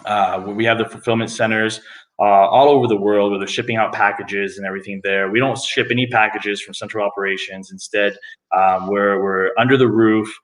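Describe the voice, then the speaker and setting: A lower-voiced middle-aged man talks through his story as a podcast guest, his voice bouncing around a roomy space. He is casual and lively, with lots of fillers and restarts. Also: brisk. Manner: animated, jumps into high voices for quoted people. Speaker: interview guest. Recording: echoey room.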